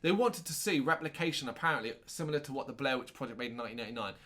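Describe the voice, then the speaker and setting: A man's voice: mid-range voice, expressive, rapid-fire, pushed and bright. A man co-hosting a casual film chat, sarcastic and ranty, often correcting himself mid-sentence and swearing. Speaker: co-host reviewing a film.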